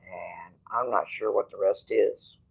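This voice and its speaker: A man livestreaming from a hospital bed, rambling bluntly and with swearing, going from quiet musing to loud, stubborn outbursts. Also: fairly low pitch, steady tone, measured pace, creaky, breathy edge, rough recording. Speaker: streamer.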